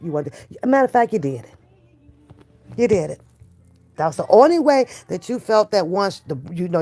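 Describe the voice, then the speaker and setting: A woman's voice: fairly low pitch, darkish tone, no echo. An older woman hosting a reaction stream, trading blunt, profane trash talk and then cooing at her toddler grandson. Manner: switches to doting baby talk with a toddler. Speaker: reaction channel host. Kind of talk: casual livestream commentary.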